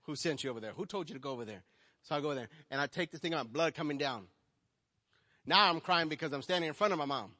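Man preaching, swinging from quiet to loud. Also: fairly high pitch, fast. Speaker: pastor. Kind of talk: sermon. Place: church hall. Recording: long hall reverb.

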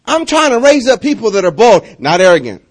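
High-voiced, animated preacher man. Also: fast talker. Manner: animated, laughing, swinging from loud to hushed. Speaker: pastor. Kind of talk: lively sermon.

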